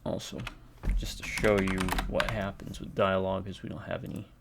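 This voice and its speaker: Gravelly, nasal man commentating gameplay. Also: deep voice, normal speed. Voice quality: nasal, whiny. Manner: relaxed, thinking aloud with fillers. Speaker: let's play host. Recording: noisy home recording with keyboard typing.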